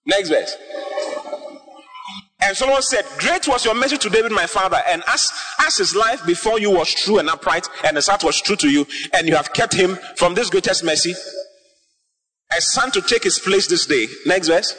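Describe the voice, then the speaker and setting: Impassioned high-voiced preacher in a reverberant hall. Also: male voice, lively intonation, normal speed. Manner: impassioned, rising to shouts and sung phrases. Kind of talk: sermon. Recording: long hall reverb, faint music.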